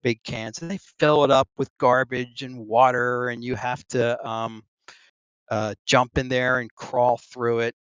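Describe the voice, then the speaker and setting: A man's voice: medium pitch, flat delivery, a little slow, a bit bright, smooth, dry recording, lo-fi sound. A middle-aged Navy veteran being interviewed over a voice call. He tells his story casually, full of ums and restarts, and laughs between phrases. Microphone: online voice call.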